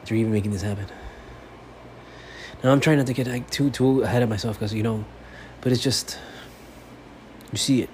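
Man, podcast host, profane sports rant, mid pitch, faint background noise. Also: steady tone, brisk. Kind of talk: fan podcast monologue.

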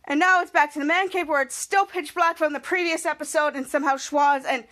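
High bright-voiced woman podcast host. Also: fairly even intonation, a little fast. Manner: rambling, repeats herself, acts out quotes loudly. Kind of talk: casual episode recap.

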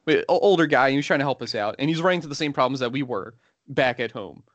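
A young man tells a story in a loose, rambling way, his words full of "like" and "you know". His pitch sits at an ordinary middle height for a man. The recording is dry and close, with no room sound. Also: expressive, quick pace, dry recording, dull audio. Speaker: podcast co-host. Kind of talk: casual storytelling.

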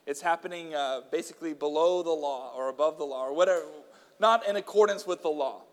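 A man's voice: on the high side, brisk, in a large hall. A man preaching a sermon, chatting casually with fillers between stretches of emphatic scripture reading aloud.

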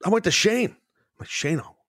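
A middle-aged man hosting a podcast, telling wrestling stories in a loose, profane, animated way, laughing often. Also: lowish voice, fairly quick, dry recording, studio quality. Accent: New York. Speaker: podcast host, former wrestler. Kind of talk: casual storytelling chat.

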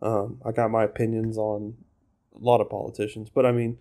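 A man's voice: fairly low pitch, little pitch movement, a little fast, dark tone. A man from the South, an opinionated, blunt co-host in casual chat. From American South. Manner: opinionated, blunt, puts on mocking voices.

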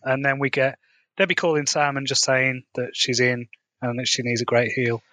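A man's voice: medium pitch, flat delivery, normal speed, pushed and bright, no echo. Chatty man recapping, dry close sound. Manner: laughs often, paraphrases dialogue loosely. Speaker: podcast co-host. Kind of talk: casual chat recapping a TV episode.

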